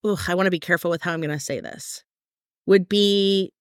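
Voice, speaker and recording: A woman's voice: fairly low pitch, brisk, no echo, clean studio sound. A woman co-hosting a podcast, chatting casually with lots of fillers and careful hedging. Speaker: podcast co-host. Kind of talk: casual chat.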